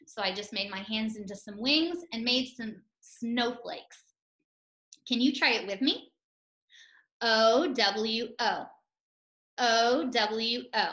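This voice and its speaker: A woman teacher leads a first-grade phonics lesson, drawing out each sound slowly and clearly. Her voice is bright and a little high, and it rings in an echoey room. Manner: slow, clear, sing-song teacher talk with chants.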